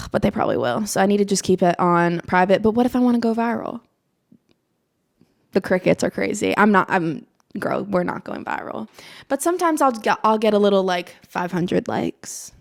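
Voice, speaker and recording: A chatty young woman in her twenties rambles to the camera in a loose stream-of-consciousness vlog. She puts on a slight Southern twang, laughs at herself often and keeps her voice at an everyday middle pitch. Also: normal speed, vocal fry. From Maryland. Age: 20s. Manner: chatty and animated, self-mocking, laughs often. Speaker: vlogger. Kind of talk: casual stream-of-consciousness chat.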